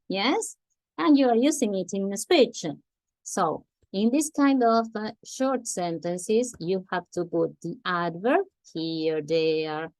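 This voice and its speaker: Slow, patient woman teaching grammar. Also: medium pitch, expressive, a little mellow, no echo. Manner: patient, repeats examples slowly, checks with "Yes?". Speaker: English teacher. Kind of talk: grammar lesson.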